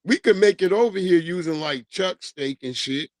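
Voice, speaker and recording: A man's voice: high-pitched, moderate pace, no room sound. Profane New man ranting on livestream. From New York. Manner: loose, profane, laughing, animated storytelling. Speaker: livestream host. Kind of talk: casual livestream rant.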